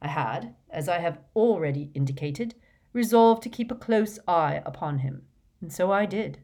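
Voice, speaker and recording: A woman voicing a wise old male headmaster, speaking in a slow, deliberate, grave way. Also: lowish voice, a little mellow.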